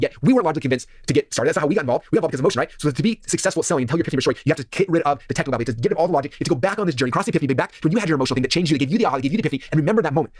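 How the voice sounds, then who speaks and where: Rapid-fire man pitching from a stage. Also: no room sound, studio quality. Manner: energetic, keeps checking in with the audience. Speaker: sales speaker. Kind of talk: seminar presentation.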